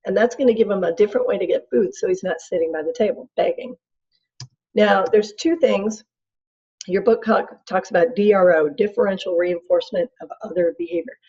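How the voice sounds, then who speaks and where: A woman's voice: mid-range voice, brisk, dark tone, husky, highs cut off. A middle-aged woman instructor giving a casual, chatty recorded lecture and acting out her examples.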